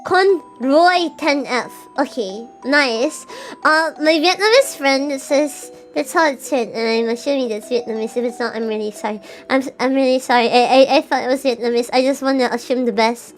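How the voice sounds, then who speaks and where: A woman's voice: high voice, normal speed, soft background music. A young woman streaming live, casually chatting with viewers in a playful, teasing way and often stammering over her words. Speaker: VTuber streamer. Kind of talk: casual live-stream chat reading super chats.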